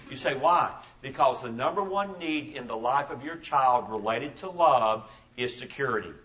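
A man's voice: mid-range voice, expressive, normal speed, pushed and bright, recorded from a distance. A man in his fifties preaching a sermon as a pastor, telling stories emphatically and repeating his key phrases. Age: 50s. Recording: dull lo-fi sermon recording.

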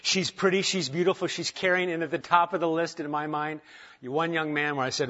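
A man preaching a sermon to his congregation, conversational and self-deprecating, moving from quiet asides to emphatic points. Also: on the high side, fairly even intonation, normal speed, lo-fi sound. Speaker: pastor. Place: church sanctuary.

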